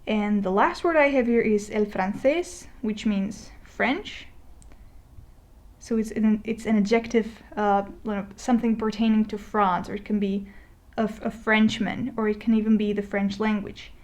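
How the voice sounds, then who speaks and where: A woman teaching a Spanish lesson as a voice-over, talking in a relaxed, conversational way with fillers and restarts, slowing down to spell out example words. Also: medium pitch. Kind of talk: explaining a lesson over a digital whiteboard. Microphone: voice-over recording.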